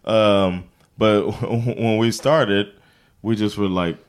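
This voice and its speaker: A man's voice: on the low side, fairly even intonation, slow pace, clear, resonant tone. A man co-hosting a podcast, chatting in an enthusiastic, filler-heavy way. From Sweden. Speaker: podcast co-host. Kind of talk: casual chat.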